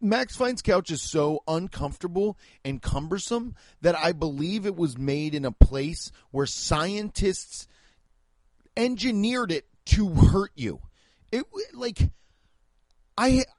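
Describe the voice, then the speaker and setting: A man's voice: a little high, big pitch swings, measured pace, a little mellow, dry recording. A young man ranting in a comic, profane, fired-up way, talking into a close mic. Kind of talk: comic rant.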